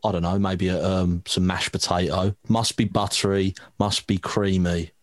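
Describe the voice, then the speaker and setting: A man's voice: low-pitched, flat delivery, moderate pace, dry recording. A man co-hosting a podcast in casual chat, laughing often and teasing his friends. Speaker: podcast co-host.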